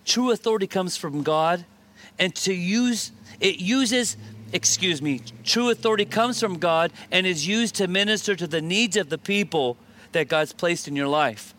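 A male pastor preaching a sermon, lively and emphatic, often repeating his key points. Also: high-pitched, normal speed. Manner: animated preaching with shifts of emphasis and repetition.

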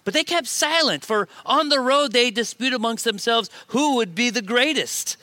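A male pastor preaching a sermon, lively and emphatic, often repeating his key points. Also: very high voice, moderate pace, no echo. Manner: animated preaching with shifts of emphasis and repetition.

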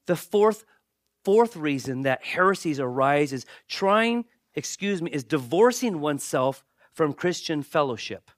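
A pastor delivering a sermon in a conversational way, with joking asides and repeated, restarted phrases. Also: male voice, on the high side, animated, unhurried, dry recording, studio quality.

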